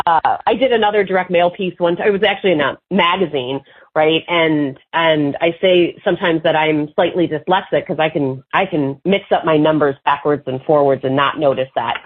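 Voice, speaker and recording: A woman guest in an interview, telling marketing anecdotes in an animated, casual way and acting out the people in them. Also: deep voice. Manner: animated anecdotes with lively quoted voices. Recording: tinny phone-like line.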